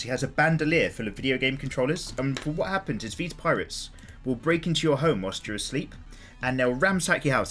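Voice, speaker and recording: A man's voice: medium pitch, a bit bright. A man chatting casually on a live stream while he draws, greeting viewers and swearing freely.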